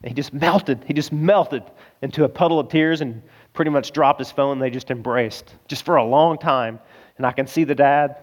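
A man's voice: mid-range voice, normal speed. A middle-aged man preaching a sermon as pastor, earnest and emotional, telling stories to his congregation. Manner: earnest, emotional storytelling, addresses crowd as guys.

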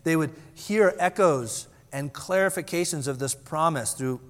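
A man's voice: a little high, measured pace, fairly bright tone. Earnest male preacher in a reverberant hall. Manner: earnest expository preaching, reading scripture aloud. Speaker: pastor. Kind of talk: sermon. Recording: long reverb from a large hall.

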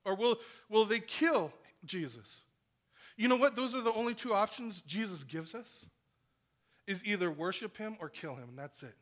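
A man preaching a sermon in an earnest style, rising to loud emphasis and dropping to hushed, near-whispered lines. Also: high-pitched, lively intonation, normal speed. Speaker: pastor.

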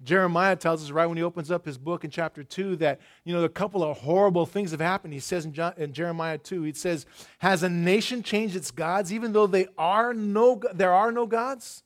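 A middle-aged man preaching a sermon, telling stories and swinging between loud emphasis and hushed asides. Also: sits high, brisk. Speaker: pastor.

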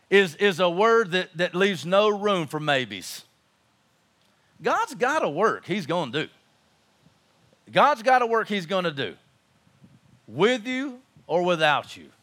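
A man's voice: high-pitched, fairly bright tone. A man preaching a sermon as pastor, impassioned and emphatic, repeating his phrases for force.

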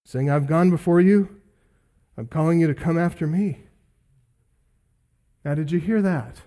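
A male pastor preaching an expository sermon, emphatic, building through repeated lists and slowing down on key words. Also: fairly high pitch, mellow.

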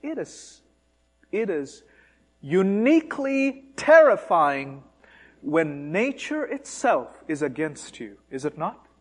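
A man preaching a sermon, speaking with animated, mocking emphasis and asking rhetorical questions. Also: high-pitched, takes it slowly.

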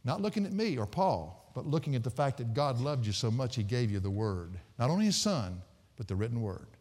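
A male pastor preaching with a lively, swooping voice that leaps from quiet asides to loud bursts. He tells folksy stories and laughs often. His voice rings with the long reverb of a church hall. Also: mid-range voice, fairly quick. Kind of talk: sermon.

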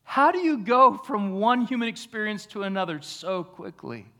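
Male pastor, fairly high voice, sermon that moves between quiet reflection and emphatic lifts. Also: lively intonation. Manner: swings between hushed, slow reflection and raised, emphatic preaching. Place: church.

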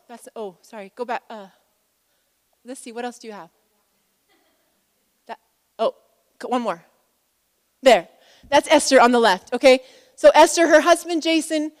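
A woman in her forties delivers a sermon in a warm, chatty way, full of fillers and stories. Her voice sits a bit high. It carries a long reverb from a big hall. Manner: conversational, emotional, many fillers. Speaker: pastor's wife speaking at a conference.

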